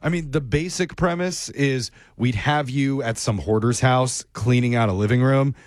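A man's voice: medium pitch, normal speed, no echo, clean studio sound. Playful radio prank caller, man. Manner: playful, deadpan fake producer patter. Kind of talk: morning radio prank call.

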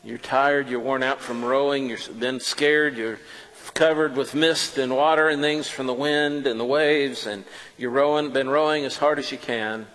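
Male preacher, mid pitch, tells the story in first person, loud then hushed, long hall reverb. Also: normal speed. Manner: animated, swings between loud and hushed.

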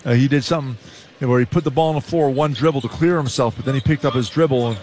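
A Canadian former player, now a male color commentator, who breaks down basketball plays in a relaxed, explanatory way. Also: medium pitch, fast talker, faint music behind. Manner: relaxed, explanatory, with frequent "uh" and restarts.

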